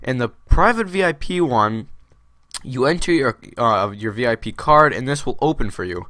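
A man's voice: mid-range voice, expressive, moderate pace, bright, forceful tone, no room sound, studio quality. A man hosting a Minecraft video, giving casual gameplay commentary in a rambling way, full of fillers and restarts.

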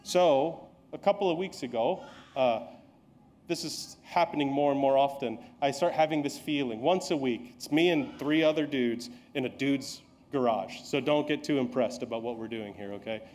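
A man preaching from the pulpit in a relaxed, conversational way. He pokes fun at himself and puts on voices for the people in his stories. His pitch sits in a middling range. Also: moderate pace. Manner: conversational, self-deprecating storytelling with acted quotes. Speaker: pastor. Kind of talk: sermon.

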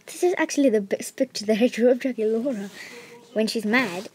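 Woman showing off her drawings, lots of "like" and "um", high voice, hissy home recording. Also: a little fast. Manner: rambling storytelling with filler words. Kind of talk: casual show-and-tell narration.

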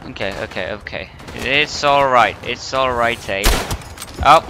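A man's voice: mid-range voice, a little slow, background noise. Guy gaming, swearing nonstop, freaking out, laughing at himself, guns and blasts going off behind him. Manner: panicky, profane, self-mocking. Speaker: gamer. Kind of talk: let's play commentary. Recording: game gunfire and explosions behind voice.

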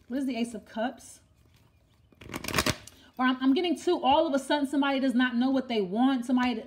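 High-voiced woman giving a tarot reading. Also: noisy background. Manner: thinks aloud, repeats herself, asks the cards questions. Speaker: tarot reader.

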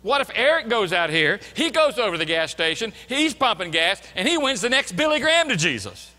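High, bright-voiced male preacher. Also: big pitch swings, a little fast, in a large hall. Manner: earnest, emphatic preaching with repetitions. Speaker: pastor. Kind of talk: sermon. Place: church sanctuary.

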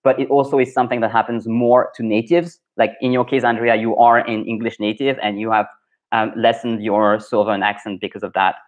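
A man's voice: fairly low pitch, level tone, fairly quick, muffled recording. A young adult man with a French accent, a French pronunciation coach chatting through a live Q&A lesson, thinking aloud with many fillers and restarts.

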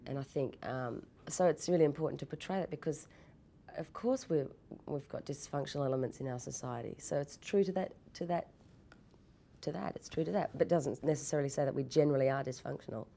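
A young woman in an interview, telling anecdotes in a lively way, laughing often and restarting her sentences. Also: sits low, creaky. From Australia. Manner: animated storytelling, laughs often, quick repeated restarts. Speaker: actress interviewee.

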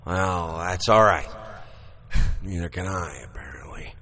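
A bitter, sardonic painter. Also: male voice, sits low, unhurried, sharp tone. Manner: sardonic, muttering. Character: bitter, disturbed middle-aged male painter. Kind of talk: video game voice acting.

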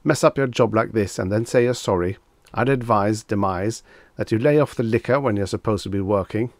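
A man voicing a panicky, haughty young dandy with a shrill, indignant manner. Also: animated, moderate pace, no echo. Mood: haughty scolding.

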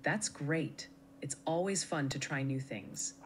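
Brief: mid-pitched synthetic assistant, friendly and helpful, faint noise behind. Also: expressive, slow pace. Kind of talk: conversational AI assistant replies.

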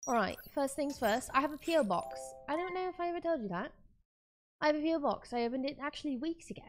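A woman's voice: high voice, expressive, fast talker, soft background music. A young woman streamer chatting casually from her room at home, bubbly and chatty as she thanks viewers by name. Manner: bubbly, chatty, reads viewer names aloud. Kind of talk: casual live-stream chat.

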